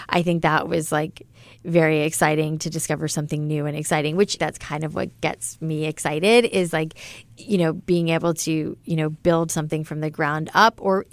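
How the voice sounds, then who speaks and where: A woman's voice: low voice, gravelly, no echo. A middle-aged woman, a business founder, chatting loosely in an interview with lots of fillers. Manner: chatty, many fillers like "you know" and "like". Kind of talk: casual interview talk.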